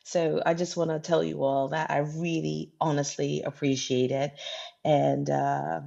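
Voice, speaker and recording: A woman co-host chatting casually, relaxed, laughing easily and dropping soft asides. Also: low voice, a little slow, vocal fry, highs cut off. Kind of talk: casual chat.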